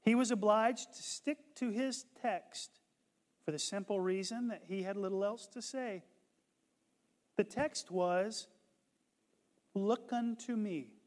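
A man preaching a sermon, retelling a conversion story and building to impassioned shouts. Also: high-pitched, big-room sound. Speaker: pastor.

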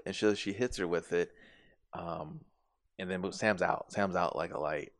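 A man's voice: sits low, normal speed, no echo, clean studio sound. A man in casual podcast chat, retelling film scenes and acting out the characters' lines with plenty of swearing. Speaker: podcast co-host. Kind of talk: casual movie recap chat.

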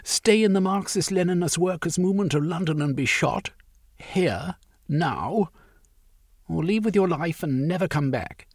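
A man voicing a cold, commanding woman revolutionary in a high voice. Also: animated, measured pace, slightly rough, no echo, clean studio sound, exaggerated voice. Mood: contemptuous.

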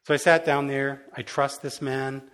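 Brief: middle-aged male pastor, mid-pitched voice, loose storytelling sermon with frequent restarts. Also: little pitch movement, moderate pace, fairly bright tone, smooth. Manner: self-deprecating and candid. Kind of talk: conversational sermon.

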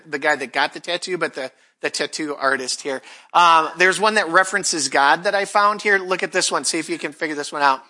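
Pastor, male, 40s, chatty sermon voice, very bright tone, pitched a bit high. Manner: conversational, self-deprecating, animated when quoting others. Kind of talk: casual sermon with storytelling.

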